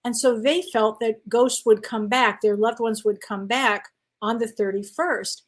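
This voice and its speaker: A middle-aged woman co-hosting a casual live online show, chatty and quick to laugh. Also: fairly high pitch, fairly even intonation. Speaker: co-host. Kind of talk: casual live-stream chat.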